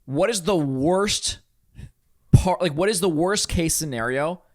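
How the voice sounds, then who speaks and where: A man's voice: fairly high pitch, a little slow, no room sound, clean studio sound. A man co-hosting a podcast who steers the casual chat by posing hypothetical scenarios. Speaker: podcast co-host. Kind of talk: casual comedic debate chat.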